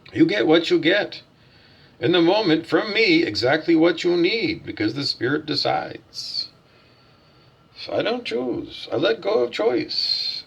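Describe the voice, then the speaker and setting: Gravelly, husky man ranting profanely. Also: on the high side. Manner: blunt, profane, preachy, asks and answers his own questions. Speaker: self-styled spiritual teacher. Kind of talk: ranting vlog monologue.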